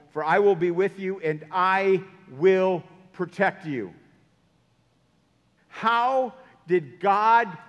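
A man's voice: high voice, lo-fi sound. A man preaching a sermon, telling stories and changing his pace for emphasis. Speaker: pastor. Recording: long hall reverb.

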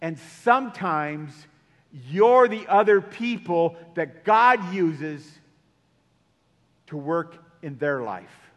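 A man's voice: on the high side, lively intonation, very slow, fairly bright tone, dull audio. A man preaching a sermon, telling stories and changing his pace for emphasis. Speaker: pastor. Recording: long hall reverb.

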